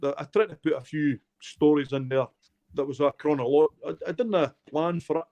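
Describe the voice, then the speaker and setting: A man's voice: on the high side, a little fast, mellow, lo-fi sound. A middle-aged Scottish man, an author being interviewed, telling his life stories in a heartfelt, emotional way. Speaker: author guest. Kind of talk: candid storytelling interview.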